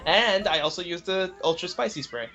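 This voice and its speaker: A man narrating his own gameplay in a casual let's play, chatty and quick to laugh as he explains what he is doing. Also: sits high, lively intonation, bright, forceful tone, muffled recording. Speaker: let's play host playing the game. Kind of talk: casual game commentary.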